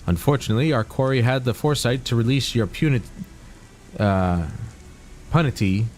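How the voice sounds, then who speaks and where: An earnest young scholar from a game briefing his companions in formal language, read aloud by a man. The voice is mid-pitched and steady, close to an everyday speaking voice. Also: moderate pace, a little hiss or hum, lightly acted.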